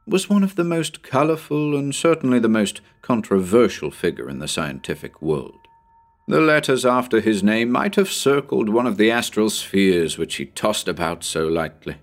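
A man reading a short story aloud in an expressive, measured narration. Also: lowish voice. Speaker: audiobook narrator.

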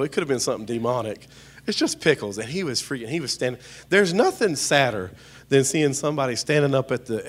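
This male pastor's voice is mid-range, husky, and fairly bright. His sermon is lighthearted, packed with joking anecdotes and direct shout-outs to the congregation.

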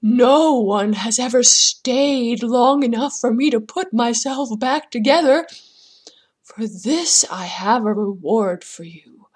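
A woman doing a hushed, eerie ghost. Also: a little high, husky. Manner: hushed, slow and whispery. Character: eerie male ghost in pieces.

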